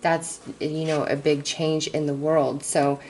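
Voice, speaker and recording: Low, slow-talking woman reading tarot. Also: little pitch movement, a little mellow, a little hiss or hum, poor audio. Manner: halting, many fillers, becomes emotional. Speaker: tarot reader. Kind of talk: casual spiritual reading to viewers.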